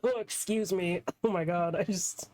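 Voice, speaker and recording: Low, mellow woman streamer, casual and self-mocking between game lines. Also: normal speed. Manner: chatty, laughs at herself, self-deprecating. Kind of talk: live game playthrough, reading dialogue aloud.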